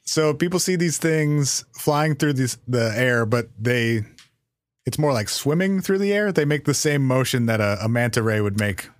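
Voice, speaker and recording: A man co-hosting a chatty podcast, reading facts in a casual way and laughing a lot. His pitch sits in a middle range. The mic is close and dry. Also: normal speed, no echo. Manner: reads out facts, laughs often. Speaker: podcast co-host. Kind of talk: casual chat.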